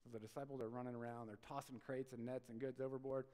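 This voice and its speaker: A man preaches a lively, conversational sermon. His voice sits at an ordinary pitch, and he swings between sudden loud bursts and hushed asides. The sound carries a long reverb tail from a church sanctuary. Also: fast talker. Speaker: pastor.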